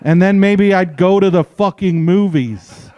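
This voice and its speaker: A man's voice: high-pitched, measured pace, a little mellow, no echo, lo-fi sound. A man in his forties doing a stand-up set at a small live venue, telling dry, profane stories and acting out quotes. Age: 40s. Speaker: stand-up comedian.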